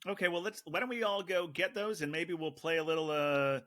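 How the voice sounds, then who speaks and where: A man co-hosting a podcast in casual chat, chatty, with quick stuttering restarts. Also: on the high side, fairly even intonation, fairly bright tone. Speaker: podcast co-host.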